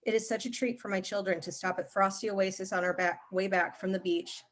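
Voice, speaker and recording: A woman's voice: mid-range voice, fairly even intonation, a little fast. A woman calling in to a public meeting, earnestly reading a prepared statement. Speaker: caller. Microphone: call-in line.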